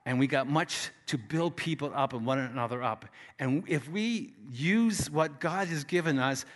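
Emphatic male preacher in a reverberant hall. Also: medium pitch. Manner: emphatic, swings between loud exhortation and quiet asides. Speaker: guest preacher. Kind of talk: sermon.

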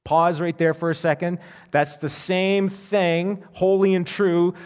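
A man preaching to his congregation, reading scripture and stopping to explain it in an easy, conversational way. His voice sits a little high for a man. The sound carries a long reverb from a large hall. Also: little pitch movement, slow, a little mellow, smooth. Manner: reads scripture aloud, then explains it in casual asides. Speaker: pastor. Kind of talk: sermon.

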